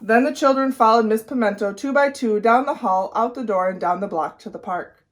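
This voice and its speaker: A woman teacher leading a guided read-aloud for children, with clear, expressive storytelling. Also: a little high, brisk. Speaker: reading teacher.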